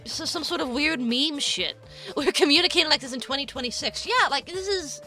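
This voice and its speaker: A woman's voice: high-pitched, lively intonation, a little fast, pushed and bright, faint music behind. A woman streamer reacting in casual commentary, incredulous, swearing and laughing often.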